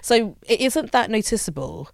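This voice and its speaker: A woman's voice: a little high, very animated, normal speed, creaky, no room sound, studio quality. A woman, a journalist talking as a guest in an interview, thoughtful and candid, slipping into voices when she retells things. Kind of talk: reflective conversational interview.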